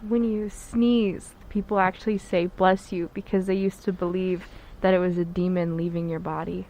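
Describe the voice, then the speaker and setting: A woman's voice: on the low side, flat delivery, moderate pace, dark tone, poor audio. A young woman guesting on a casual podcast, giggling as she shares strange facts. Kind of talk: casual chat.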